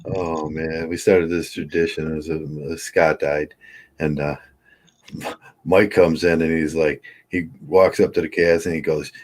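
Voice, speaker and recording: A man chatting casually on a podcast, an animated storyteller who laughs often. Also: rumbling low, unhurried. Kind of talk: casual chat.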